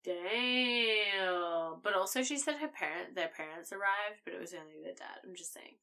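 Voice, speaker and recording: A woman's voice: mid-range voice, normal speed, bright, forceful tone. A woman co-hosting a casual podcast, reacting bluntly to creepy stories and swearing freely. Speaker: podcast co-host. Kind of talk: casual chat.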